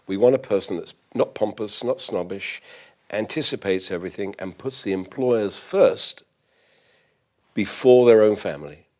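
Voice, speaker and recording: An older man with a London accent, polished by years of formal work, talks in a very deep, low voice. He answers courteously and precisely, with formal phrasing. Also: expressive, moderate pace, a little mellow. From East End of London. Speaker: butler school head and toastmaster. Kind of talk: interview answers.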